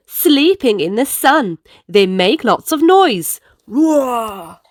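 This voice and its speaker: A woman reading picture books aloud to children in an animated, sing-song way. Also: fairly high pitch, slow, no echo, studio quality. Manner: animated, sing-song, playful sound effects. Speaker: storyteller. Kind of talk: picture-book read-aloud for kids.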